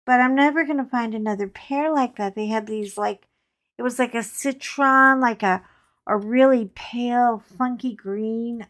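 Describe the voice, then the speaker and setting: A woman hosting a crafting channel, chatting casually and telling animated anecdotes with frank asides while she works. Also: on the high side, a little slow.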